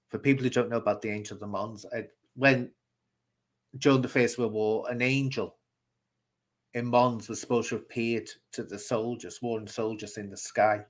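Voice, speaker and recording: Man from the UK, chatty live-stream host, opinionated, rambling, reads out comments, mid-pitched voice. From United Kingdom. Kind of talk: casual live-stream chat.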